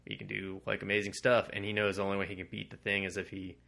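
Podcast co-host, male, low gravelly voice, bright tone, rambling casual chat. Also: level tone, quick pace. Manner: rambling, laughs often, quotes characters in mock voices. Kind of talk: casual chat about comics.

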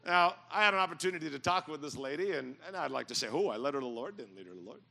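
A middle-aged man preaching a sermon in a church, telling stories and building to loud, emphatic points. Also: a little high, lively intonation, very fast, vocal fry, few pauses. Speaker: pastor. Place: church sanctuary.

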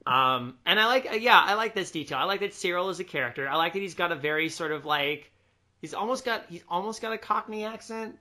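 An enthusiastic man co-hosting a relaxed film chat. His voice sits a bit high and has a bright, forward edge. Now and then he slips into short quoted voices. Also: fast talker. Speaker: podcast co-host. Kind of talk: casual film discussion.

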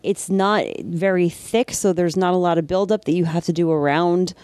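This is a New Jersey-accented makeup effects artist in relaxed shop talk. The voice is mellow and warm at a middling pitch, with frequent ums between thoughts. It is recorded close and dry. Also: normal speed, dry recording. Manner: chatty, many filler ums.

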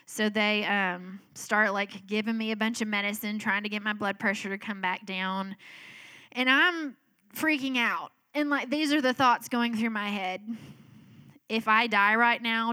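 A woman's voice: medium pitch, moderate pace, bright, forceful tone. A middle-aged woman giving a casual spoken testimony, telling her story in a chatty way full of filler words. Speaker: speaker sharing a personal testimony.

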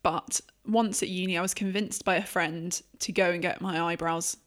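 A woman's voice: fairly low pitch, fairly even intonation, normal speed, fairly bright tone. A young woman co-hosting a podcast, telling a self-deprecating story with lots of "um"s. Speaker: podcast co-host. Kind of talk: casual storytelling.

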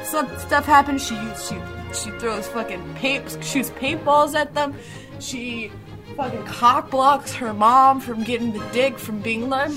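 A woman's voice: on the high side, measured pace, music in the background. A young woman casually recapping a film as a podcast co-host, rambling, swearing and correcting herself. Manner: rambling, swearing, self-interrupting, giggly.

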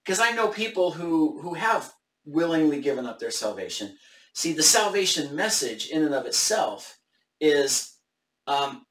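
A man's voice: a little high, lively intonation, a little slow, a bit bright, reverberant, far from the mic. A man hosting a casual Bible study discussion live on camera, thinking aloud with hesitant restarts.

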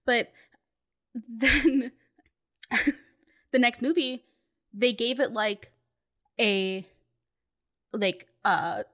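A woman's voice: on the high side, drawn-out words, pauses often, a bit bright. A young woman co-hosting a podcast in casual chat, chatty, laughing often and full of fillers. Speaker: podcast co-host.

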